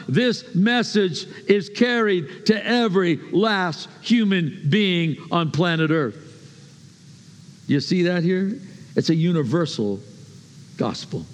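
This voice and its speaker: A man with a high voice preaches a sermon, hammering his points with repeated phrases and sudden swings in loudness. Long reverb trails every line, as in a big church hall. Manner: emphatic, repeats phrases, shifts from hushed to loud.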